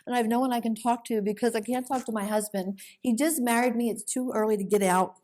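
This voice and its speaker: A woman's voice: on the high side, steady tone, quick pace, noisy background. Earnest woman sharing a testimony. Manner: earnest storytelling, emotional. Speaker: conference speaker. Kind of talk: personal testimony. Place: conference hall.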